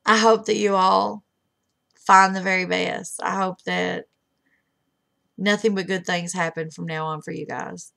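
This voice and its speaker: A middle-aged woman giving a heartfelt, halting farewell to her online friends, holding back tears. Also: fairly low pitch, fairly even intonation, creaky, pushed and bright. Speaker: webcam streamer. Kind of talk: emotional farewell message.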